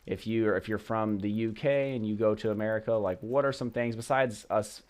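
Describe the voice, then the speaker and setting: A young vlogger from Portland, Oregon, on the US West Coast, chats casually while away on a work trip. His fairly low voice moves at normal speed with a slightly mellow quality, and he rambles in travel-vlog style with lots of "like" and "you know."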